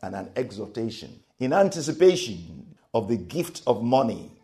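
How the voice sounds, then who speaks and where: A man preaching a sermon, repeating each point and swinging between soft and loud emphasis. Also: medium pitch, big pitch swings, moderate pace.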